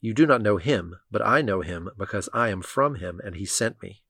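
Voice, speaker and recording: A man reading aloud the words of a calm male teacher with quiet authority, in a plain read-aloud voice. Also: lowish voice, moderate pace, creaky, no echo, studio quality, heavily acted. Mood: solemn.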